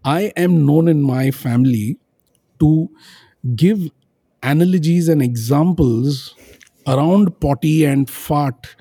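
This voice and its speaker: In a relaxed parenting chat, this father and podcast co-host rambles through stories with lots of fillers and restarts. His voice is a little high, slow, dark-toned and slightly rough, recorded with clean studio sound and no echo.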